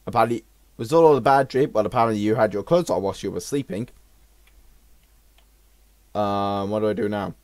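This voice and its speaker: A young man giving let's-play commentary on a horror game, jumping and exclaiming loudly when startled. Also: lowish voice, moderate pace, long pauses, no room sound. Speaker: gaming channel host.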